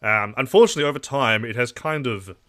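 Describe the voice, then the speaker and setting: A young man with an Australian accent tinged with English, chatting loosely at his desk mic on a live political stream. His voice sits mid-pitch but rings bright and forward. He drifts from thought to thought, answering chat as it comes. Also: fast talker. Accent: Australian with a trace of English. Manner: rambling, reacting to chat messages.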